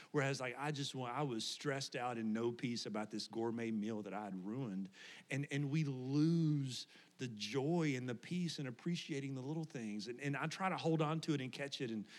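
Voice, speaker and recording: A man in his thirties preaching a sermon to his congregation, telling family stories in a relaxed, conversational way with frequent laughs. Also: mid-range voice. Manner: conversational, animated storytelling with laughs. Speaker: pastor. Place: church sanctuary before congregation.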